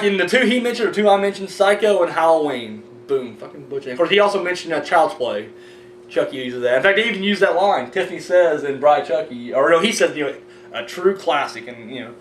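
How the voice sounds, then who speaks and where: Guy rambling about horror flicks, lots of uh and you know, kinda high voice, echoey room. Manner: rambling, animated, swears casually, many fillers. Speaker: host of a horror movie review show. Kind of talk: casual review chat. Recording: echoey room, mic at a distance, faint hum.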